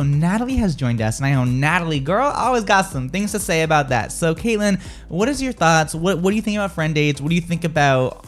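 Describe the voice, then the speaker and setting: A man hosting a morning radio show, animated and laughing as he reads listener texts aloud. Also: fairly high pitch. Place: radio studio.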